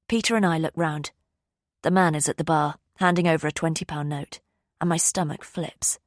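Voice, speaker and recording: A woman narrating a mystery thriller audiobook in a steady scripted reading, shifting her voice slightly for characters. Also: low-pitched, moderate pace, no room sound, studio quality.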